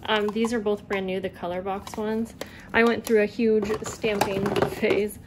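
A woman in a casual vlog, talking quickly and loosely through her craft supplies, with lots of fillers. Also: medium pitch, flat delivery. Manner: chatty, quick, rambling with fillers. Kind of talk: casual show-and-tell vlog. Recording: loud background noise.

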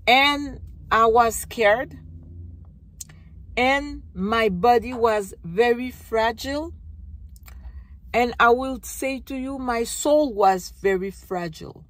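Slow, halting woman telling her story. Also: fairly high pitch, no echo. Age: middle-aged. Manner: halting, searching for words, many restarts. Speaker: vlogger. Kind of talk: personal recovery vlog.

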